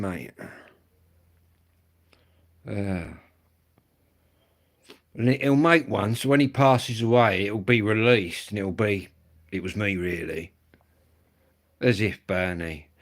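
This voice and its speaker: Sweary Kentish man chatting casually. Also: on the low side. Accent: Kent. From England. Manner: swearing, rambling, blokey slang. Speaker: livestream host. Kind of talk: casual chat with viewers.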